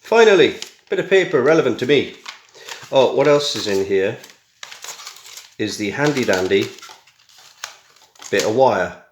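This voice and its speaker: A man's voice: mid-range voice, expressive, unhurried, long pauses, echoey room, slight background noise. A middle-aged British man chatting casually through a home unboxing, full of wry, self-mocking asides. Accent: British English. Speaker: tech vlogger. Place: small room at home. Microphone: camera mic.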